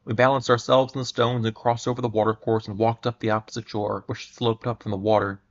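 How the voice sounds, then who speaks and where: Gravelly man reading a pulp adventure. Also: fairly low pitch, little pitch movement. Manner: measured, with occasional stumbles and restarts. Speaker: reader. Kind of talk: dramatic reading of pulp fiction. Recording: muffled lo-fi recording.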